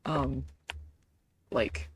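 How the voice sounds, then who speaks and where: A woman streaming a game, chatting casually and rambling with lots of fillers and self-deprecating asides. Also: very slow.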